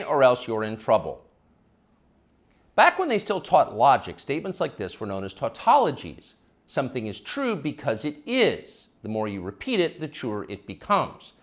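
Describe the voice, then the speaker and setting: A man hosting a commentary show, delivering a scripted opinion monologue in a sarcastic, mocking way. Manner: sarcastic, mocking delivery with sudden high swoops.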